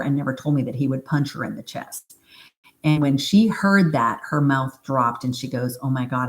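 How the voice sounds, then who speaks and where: A woman practitioner telling a story on a live stream and answering viewer comments in a chatty, informal way, with fillers and asides. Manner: animated retelling, acts out quoted speech in a higher voice. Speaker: hypnosis practitioner.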